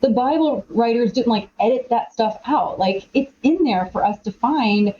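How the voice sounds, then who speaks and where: A middle-aged woman, an author and podcast guest, talking in an animated, chatty way with many quoted asides. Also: fairly high pitch, normal speed, lo-fi sound, slight background noise. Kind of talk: casual conversational interview.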